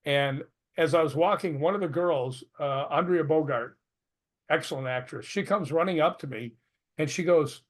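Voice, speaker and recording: An older man with a voice that sits a little high for a man talks as a guest in a relaxed interview. He is an animated storyteller who laughs easily and acts out what everyone said. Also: normal speed. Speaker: interview guest, retired stuntman.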